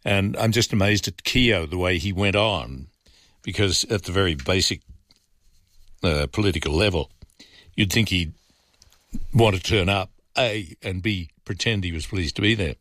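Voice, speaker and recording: A man's voice: sits low, normal speed, long pauses, a bit bright, no echo, studio quality. A man hosting a talkback radio show, reading listener messages aloud and giving frank, conversational opinions with frequent ums and uhs. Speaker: fill-in talkback radio host.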